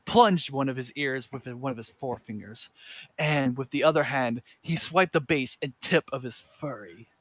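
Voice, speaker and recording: Brief: man, medium pitch, dramatic comedic narration, trips over words and corrects himself. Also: normal speed, a bit bright. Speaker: reader. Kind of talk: comedic fanfiction reading.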